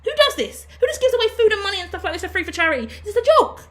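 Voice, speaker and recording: A woman's voice: extremely high pitch, very animated, rapid-fire, a bit bright, voice pushed up, heavily acted. A woman voicing a scornful, doubting man who nags about money with mocking, incredulous questions.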